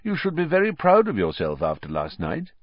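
A man voicing a very old, wise headmaster wizard who speaks quietly and calmly, with a gentle wry humor. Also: fairly high pitch, brisk, slightly rough, no room sound, pitched above the performer's own voice, heavily acted. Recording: slightly dull lo-fi audio.

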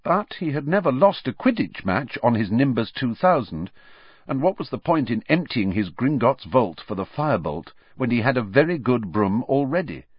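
A man reading a storybook aloud as narrator, measured and expressive. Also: medium pitch, slightly rough, no room sound, highs cut off. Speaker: audiobook narrator.

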